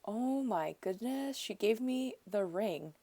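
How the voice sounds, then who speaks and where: A woman's voice: a little high, animated, slow, warm tone, breathy edge, dry recording. A woman craft vlogger gushing and gasping as she unboxes birthday gifts. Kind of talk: gift unboxing vlog.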